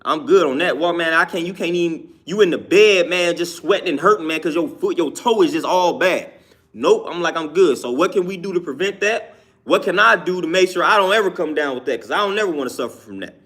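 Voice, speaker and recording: A man's voice: a little high, animated, a little fast, a bit bright, breathy edge. A young man talking casually and emphatically about diet, with slangy, repetitive phrasing. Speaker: vegan health talker. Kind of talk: casual monologue.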